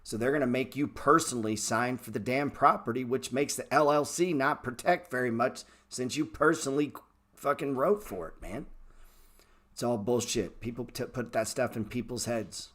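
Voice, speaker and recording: Blunt, profane lower-voiced male host. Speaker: trading show host answering viewer chat. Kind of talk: casual livestream chat.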